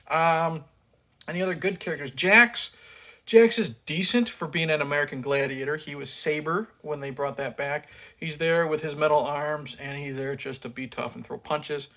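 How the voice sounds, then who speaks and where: A man's voice: on the high side, a bit bright. A man giving a casual, profane film review rant, blunt and sarcastic, with many fillers as he mocks the acting.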